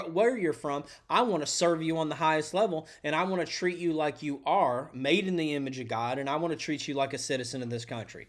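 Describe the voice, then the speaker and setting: Earnest preachy man, a bit high. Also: a bit bright. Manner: earnest, preachy, direct, addresses listener as friend. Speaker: podcast host and electrician coach. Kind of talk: motivational talk to tradespeople.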